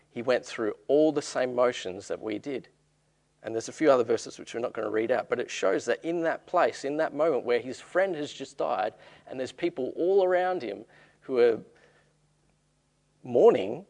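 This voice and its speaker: Gravelly-voiced male pastor preaching. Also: mid-range voice, darkish tone. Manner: reads verses aloud, then explains them in plain talk. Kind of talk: sermon reading and explaining scripture.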